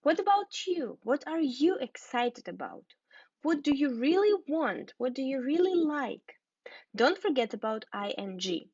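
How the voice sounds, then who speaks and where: Woman teacher, slow and deliberate, repeats and spells words for learners; dull, dry lo-fi sound. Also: sits high, sing-song, a little mellow, no room sound. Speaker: English teacher. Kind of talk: scripted lesson for learners.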